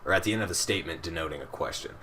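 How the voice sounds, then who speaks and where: A man's voice: low-pitched, rapid-fire, pushed and bright, a little hiss or hum. A man co-hosting a podcast in casual chat, rambling and swearing freely, with many restarts. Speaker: podcast co-host.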